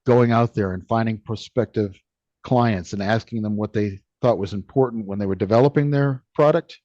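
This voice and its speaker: A man co-hosting a business podcast, talking casually and haltingly, often restarting his sentences. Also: lowish voice, warm tone, no echo. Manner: halting, many restarts and fillers. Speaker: podcast co-host. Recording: slightly dull lo-fi sound.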